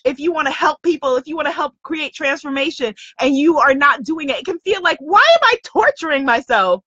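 A woman's voice: sits high, bright, forceful tone, no room sound, highs cut off. A woman coach giving an emphatic, upbeat motivational lesson, repeating her key points. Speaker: spiritual business coach. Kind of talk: motivational teaching talk.

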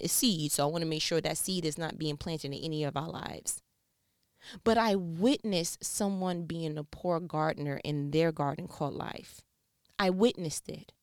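Animated woman teaching faith. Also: medium pitch, no room sound, clean studio sound. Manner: animated, playful asides. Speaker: faith speaker. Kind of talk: conversational Bible teaching.

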